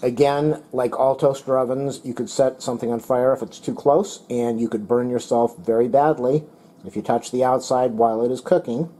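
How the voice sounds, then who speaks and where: Casting note: an everyday man with a mellow, relaxed voice and a mid-range pitch, talking through a product test in his kitchen. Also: normal speed, rough recording. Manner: plain, methodical, talks while demonstrating and eating. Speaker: product reviewer. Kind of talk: casual product review narration. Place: home kitchen, indoors.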